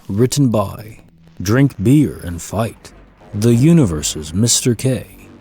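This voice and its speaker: Calm low-voiced man reading sleep stories. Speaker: storyteller. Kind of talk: calm scripted sleep-story narration. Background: faint background music.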